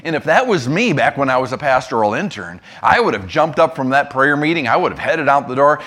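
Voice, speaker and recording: Lively male preacher telling a story. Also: medium pitch. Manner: lively storytelling, acting out both sides of a remembered dialogue; slows and softens for emphasis. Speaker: pastor. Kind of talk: sermon.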